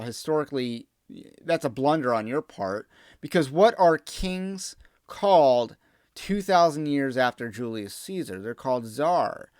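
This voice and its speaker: A man delivers a political commentary monologue with emphatic, opinionated conviction, often wandering off on tangents. His voice sits a little high for a man. The sound is dry and close, with no room echo. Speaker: podcast host.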